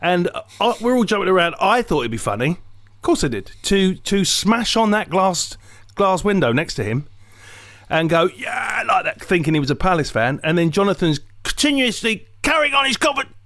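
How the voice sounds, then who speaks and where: With a high voice at a moderate pace and no echo, this English comedian co-hosts a podcast. His casual, rambling storytelling is jokey and animated, drifting off on tangents as he swears and performs different voices.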